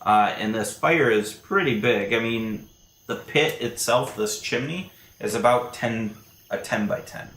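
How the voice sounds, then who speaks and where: A man's voice: on the low side, a little slow, a bit bright, echoey room. A man narrating as game master in a loose, rambling style full of fillers.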